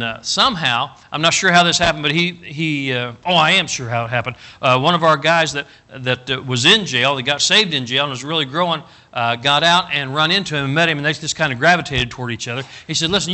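Middle-aged male pastor, folksy storyteller, bright slightly high voice, loud emphatic peaks. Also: fairly quick, hardly any pauses. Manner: folksy and animated, building to loud emphatic bursts. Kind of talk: storytelling sermon.

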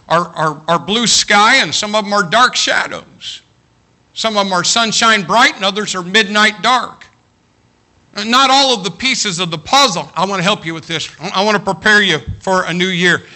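A man preaching a sermon in a bright, sharp, forceful voice that sits fairly high for a man. He talks earnestly to his congregation and recites verse, swelling up in fervent peaks before dropping back to a quieter, confiding tone.

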